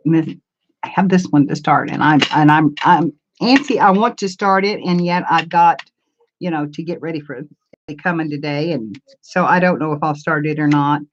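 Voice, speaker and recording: An older woman with a deep voice hosts a crafts channel live stream, speaking at a moderate pace and answering viewers' comments. She chats in a rambling, homey way. The camera mic gives dull audio with a little hiss or hum.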